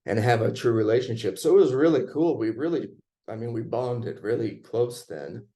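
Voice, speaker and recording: Laid-back man telling a story, mellow voice. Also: mid-range voice, normal speed. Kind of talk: casual storytelling chat.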